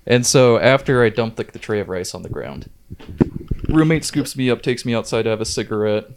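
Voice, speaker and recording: A man telling a casual story on a podcast, laughing often, swearing and loudly acting out quotes. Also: mid-range voice, fairly quick, a little hiss or hum. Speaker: podcast guest. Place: living room in a house.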